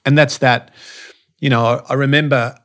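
A man's voice: medium pitch, steady tone, normal speed, a bit bright. A middle-aged man telling stories from his life in a casual interview, frank and profane, with many restarts and fillers. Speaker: podcast guest, fitness and behaviour speaker.

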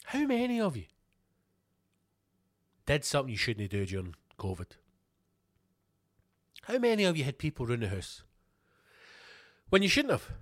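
A man's voice: mid-range voice, wildly swooping pitch, normal speed, long pauses, no room sound, clean studio sound. A Scottish man hosting a podcast, ranting angrily with heavy swearing and repeated rhetorical questions. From Scotland. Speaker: podcast host. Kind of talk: ranting monologue.

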